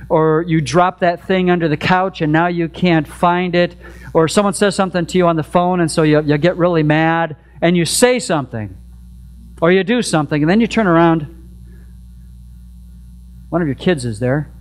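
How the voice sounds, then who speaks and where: Male pastor, fairly high voice, chatty sermon delivery with faint mains hum. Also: moderate pace. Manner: conversational preaching with rhetorical questions; repeats a prayer refrain softly. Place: church sanctuary.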